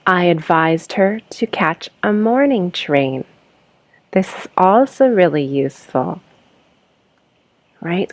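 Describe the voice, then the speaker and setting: A woman teaching an English lesson, reading example sentences slowly for learners to repeat and then explaining them. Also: fairly high pitch, a little mellow, no room sound.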